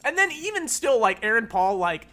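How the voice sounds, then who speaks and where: A man's voice: very high voice, big pitch swings, moderate pace, pushed and bright. A man co-hosting a podcast in casual chat, rambling with lots of filler words and casual swearing. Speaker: podcast co-host.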